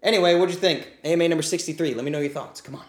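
Racing along in a voice on the high side, this man hosts a livestreamed AMA from an echoey room. His answers turn into a fired-up, foul-mouthed, blunt tirade, and he says outright that he's getting heated.

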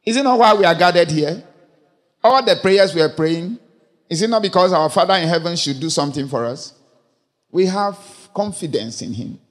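A man with a fairly high voice preaches a sermon, quoting scripture between questions to his congregation. His words ring out with a long reverb, as from a large church hall. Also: lively intonation, moderate pace.

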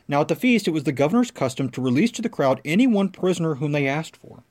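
A man reading scripture aloud as lector, in a measured, clear narrating voice. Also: on the high side, animated, darkish tone.

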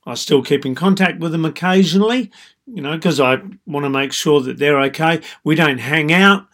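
With a slightly high voice at a moderate pace, this man, a dating coach, calmly explains his advice in monologue form, peppered with "so" and "you know."

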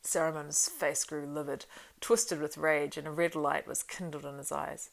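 Low gravelly woman narrating. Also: fairly even intonation, normal speed. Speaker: audiobook reader. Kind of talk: fantasy audiobook narration.

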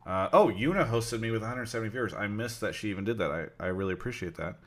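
A man hosting a live stream call-in show with a somewhat low voice. He chats loosely, thanking subscribers and bringing callers on with lots of fillers. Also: lively intonation, fast talker, a bit bright. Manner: chatty, reads out subs with frequent fillers. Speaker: stream host.

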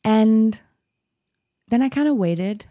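A woman's voice: on the high side, expressive, takes it slowly, dark tone, no room sound, clean studio sound. A woman in her thirties, a podcast guest, chatting casually and telling a story with frequent laughs. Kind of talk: casual interview chat.

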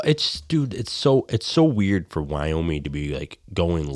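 A man's voice: deep voice, sing-song, a little slow, a little mellow, dry recording, clean studio sound. A man telling a hunting story in casual chat, rambling and swearing freely.

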